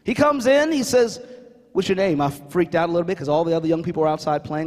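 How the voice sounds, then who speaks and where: A man's voice: fairly high pitch, fast. A man giving a motivational talk, telling a story, acting out the voices and calling on the audience. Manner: animated, acts out dialogue, calls on the audience. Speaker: keynote speaker. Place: large conference hall. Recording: reverberant hall.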